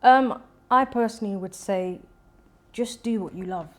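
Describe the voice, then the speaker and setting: A young woman, a singer-songwriter, chatting as a guest in an interview and telling stories with lively quoted voices. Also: medium pitch, normal speed. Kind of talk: casual interview chat.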